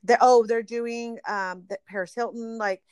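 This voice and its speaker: A woman's voice: fairly high pitch, fairly even intonation, normal speed, darkish tone, smooth, no room sound. A middle-aged woman chatting casually as a podcast co-host, often trailing off and restarting. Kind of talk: casual chat recommending podcasts.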